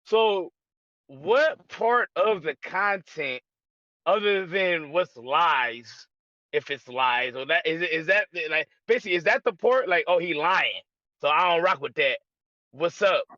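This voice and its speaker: A man with a high, bright voice asks a panel guest questions, working his way slowly to the point. The recording sounds dull and lo-fi, with no room echo at all. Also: expressive. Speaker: podcast panelist. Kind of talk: casual chat.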